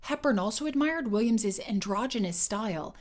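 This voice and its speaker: A woman voice coach giving a scripted educational narration in a clear, measured and emphatic way. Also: on the high side, expressive, darkish tone, a little hiss or hum.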